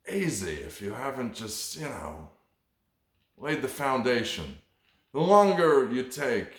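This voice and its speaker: A man's voice: medium pitch, echoey room. A man hosting a comedy podcast alone, delivering a rambling, profane, mock-preachy monologue.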